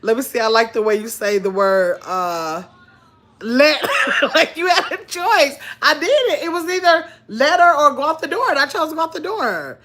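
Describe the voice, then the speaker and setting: A woman's voice: sits high, animated, normal speed, hardly any pauses, fairly bright tone. A middle-aged woman hosting a casual livestream chat, telling stories and reading viewer comments aloud with frequent laughter. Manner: chatty storyteller, reads viewer comments aloud, laughs often. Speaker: channel host.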